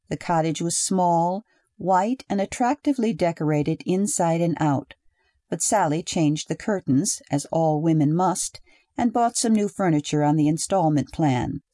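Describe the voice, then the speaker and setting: A woman narrating a short story in a steady, even storytelling manner. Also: fairly low pitch, no echo, studio quality. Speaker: audiobook narrator. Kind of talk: scripted narration.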